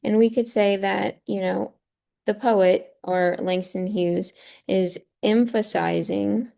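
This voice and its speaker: A woman's voice: medium pitch, fairly even intonation, takes it slowly, gravelly, dark tone. A woman teacher walking through a poem on a shared screen, patiently explaining and checking in with a rhetorical "right?". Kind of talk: screen-share lesson walkthrough.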